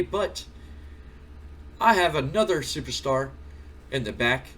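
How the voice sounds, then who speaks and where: A man voicing a frantic young male wrestling commissioner who pleads in a high, breathless voice. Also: a bit bright, far from the mic, slight background noise.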